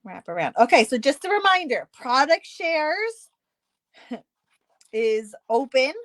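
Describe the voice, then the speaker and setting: A middle-aged woman talks through a crafting tutorial in a chatty, self-deprecating way. Her voice sits a little high, and it is recorded close and dry. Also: very animated, slow pace, a bit bright, dry recording. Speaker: card-making tutorial host.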